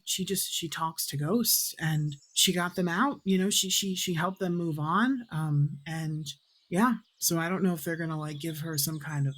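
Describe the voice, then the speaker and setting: A woman narrating a tabletop game as game master, rambling with lots of fillers. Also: low-pitched.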